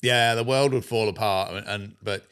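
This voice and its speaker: A man co-hosting a podcast, speaking in an encouraging, halting way with many restarts. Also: on the low side, steady tone, fairly bright tone, clear, resonant tone. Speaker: podcast co-host. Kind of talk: encouraging interview talk.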